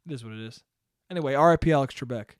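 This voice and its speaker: A man's voice: mid-range voice, very fast, no echo, studio quality. A young man ranting casually and profanely on his own podcast, rambling and joking. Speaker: podcast host. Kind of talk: solo casual podcast rant.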